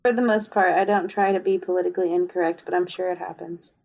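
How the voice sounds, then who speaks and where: A woman's voice: lowish voice, steady tone, fast, vocal fry, muffled recording. A young woman co-hosting a podcast in casual chat, wry and teasing. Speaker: podcast co-host.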